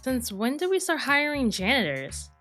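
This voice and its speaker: A woman's voice: high voice, very animated, normal speed, fairly bright tone, soft background music. A woman voicing a young spaceship crew member in a horror visual novel, sarcastic and incredulous.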